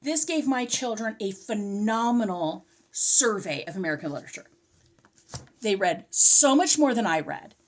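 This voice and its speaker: A woman's voice: mid-range voice, normal speed. A middle-aged woman in a casual, chatty homeschool curriculum review, slightly out of breath and often interrupting herself. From California. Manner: chatty, animated, self-interrupting. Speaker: homeschooling vlogger.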